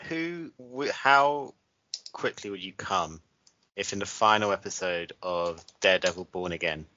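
Deep-voiced podcast host, bright edge. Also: male voice, lively intonation, moderate pace, dull audio. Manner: rambling, spinning far-fetched hypotheticals. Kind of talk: casual chat.

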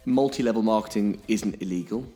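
A man's voice: on the low side, a little fast, mellow, soft background music. A man explaining things on a podcast in an emphatic way, often checking in with "okay?". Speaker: podcast co-host.

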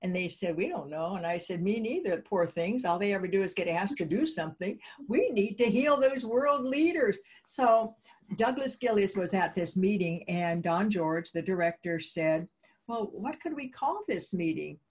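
A woman guest in an interview, telling lively anecdotes and acting out the dialogue of the people in them. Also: medium pitch, normal speed, husky. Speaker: guest, peace advocate. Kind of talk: interview storytelling.

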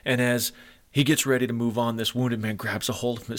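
A man's voice: mid-range voice, steady tone, a little fast. A middle-aged man preaching a sermon to men, earnest and moved, retelling stories with feeling. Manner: emotional, earnest storytelling.

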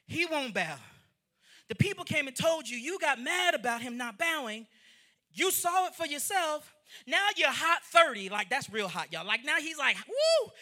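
A man preaching to a congregation with a high, sharply bright voice. He tells the scripture story with animated character voices. His speech has an African lilt, and he keeps calling out to the crowd. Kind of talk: sermon. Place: church in front of a congregation.

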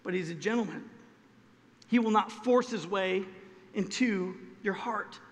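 High-voiced pastor preaching in a reverberant hall. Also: male voice, a little slow. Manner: dramatic, acts out prayers and God's voice, swings loud and soft. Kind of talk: sermon.

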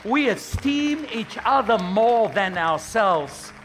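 High-voiced man preaching with animated humor. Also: slow pace, a little hiss or hum. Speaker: pastor. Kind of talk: sermon.

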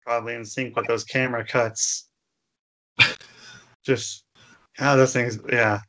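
A man's voice: medium pitch, level tone, measured pace, pushed and bright. A man co-hosting a podcast in laid-back, rambling casual chat, swearing freely. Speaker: podcast co-host.

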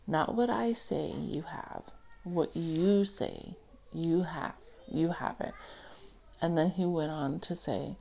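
Earnest gravelly-voiced woman giving testimony. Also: fairly low pitch, slow, darkish tone. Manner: earnest, rambling with many fillers; emotional, close to tears. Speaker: Christian testimony speaker. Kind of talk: personal testimony, casual storytelling. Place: indoors, seated in a chair. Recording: dull, lo-fi home recording.

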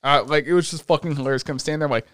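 A young man hosting a casual chat, retelling an anime with lots of swearing and excitable energy. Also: a little high, racing, clear, resonant tone, no room sound, studio quality. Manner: profane, excitable storytelling.

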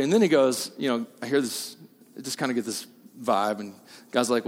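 A male pastor preaching a sermon, moving from quiet asides to loud, emphatic peaks. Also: mid-range voice, fast, long reverb tail.

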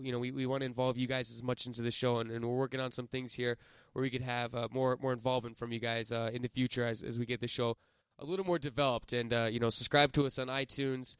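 A man's voice: mid-range voice, clean tone, dry recording. A man in his twenties co-hosting a soccer podcast, talking in a jokey, enthusiastic way. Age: 20s. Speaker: podcast co-host. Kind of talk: casual sports chat.

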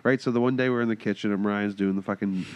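A man's voice: on the low side, rapid-fire, clear, resonant tone, lo-fi sound. A man in a casual podcast chat who tells a story with plenty of swearing and laughter. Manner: animated, swearing, laughs through his story.

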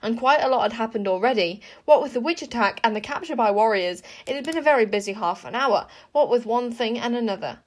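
A woman narrating a children's fantasy book aloud, lively and expressive, with chatty asides to the listener. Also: a little high, quick pace, hardly any pauses. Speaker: audiobook reader. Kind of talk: storybook narration.

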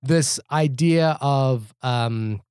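A man from India talks through a film on a podcast in a dry, close room. He sounds animated and thinks aloud, with restarts and fillers. His voice sits in a middle register. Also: mid-range voice, very slow, clean tone, no echo. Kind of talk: casual film discussion.

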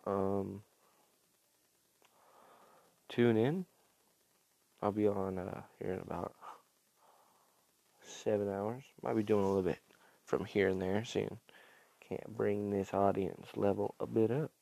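A fairly low-voiced man gives a slow, laid-back podcast update, slightly hoarse, with a gravelly rasp in his voice. He rambles and fills the gaps with ums. The sound is dry and close, with no room around it. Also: steady tone, mellow, dry recording. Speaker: podcast host.

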